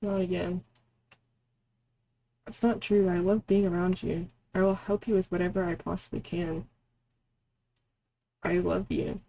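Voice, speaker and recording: An earnest young heroine pleading with the man she loves, read by a woman in her own voice. The tone is soft and warm, with a gravelly edge. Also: on the low side, flat delivery, unhurried, pauses often, poor audio. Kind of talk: reading a game aloud.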